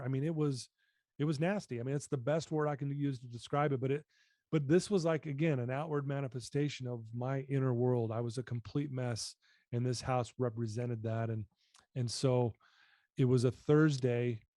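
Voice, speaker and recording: Earnest and candid, a middle-aged podcast guest tells his story in an interview, repeating phrases while he confesses. His medium-pitched voice is dark, fairly even in intonation, and moderately paced, in a clean studio recording with no room sound.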